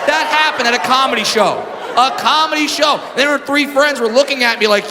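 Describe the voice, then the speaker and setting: A male stand-up comedian telling a story on stage, animated, shouting punchlines and putting on shrill mock voices. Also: a little fast. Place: comedy club stage before a live audience. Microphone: handheld stage microphone. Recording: live stage recording, long hall reverb, crowd noise. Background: audience laughter.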